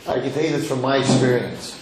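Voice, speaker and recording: Middle-aged man, rabbi lecturing an audience, animated and repetitive, medium pitch, strongly echoing hall. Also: fast talker, heavy background noise. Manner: animated, repeats phrases, asks the audience. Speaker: rabbi teaching a class. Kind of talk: Torah lecture to a live audience. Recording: echoey hall.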